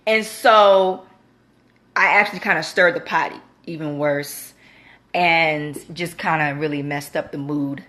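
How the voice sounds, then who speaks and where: A woman's voice: steady tone, a little slow, fairly bright tone. A young woman telling a personal faith story in casual talk, full of "you know" and acted-out quotes. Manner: conversational, many fillers like "you know"; acts out quoted lines with big pitch jumps. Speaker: Christian vlogger. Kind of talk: casual testimony.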